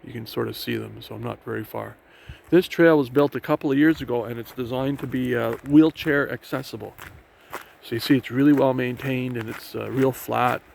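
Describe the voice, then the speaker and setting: Walking a riverside forest trail, a man gives casual tour narration for his vlog, full of fillers and false starts. He speaks briskly in a medium-pitched, steady voice that's creaky and a little mellow, with wind and rushing water filling the noisy outdoor recording.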